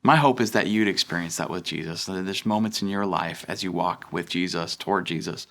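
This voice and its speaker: A man's voice: low-pitched, a little fast, few pauses, fairly bright tone. A young man giving a sermon as a pastor, earnest and conversational, with frequent fillers and restarts. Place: church.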